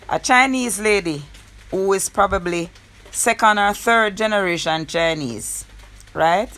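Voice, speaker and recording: A woman's voice: on the low side, gravelly, a bit bright. A woman from Jamaica with a Jamaican accent, ranting and scolding in a casual commentary, mixing patois into her speech. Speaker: online commentator. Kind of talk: casual rant.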